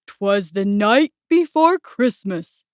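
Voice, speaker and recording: A woman voicing a stern, pompous male bear in a read-aloud storybook, speaking slowly and grandly. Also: mid-range voice, very animated, no echo, studio quality, pitched below the performer's own voice. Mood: declaiming. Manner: slow, grand, declaiming.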